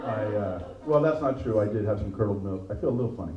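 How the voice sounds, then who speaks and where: A man headlines a stand-up comedy show at a venue with a live audience, bantering with the crowd in a dry, self-deprecating way. His voice is lowish, expressive and fast. The recording is muffled and echoey, with a distant mic, background noise, and the crowd audible behind him.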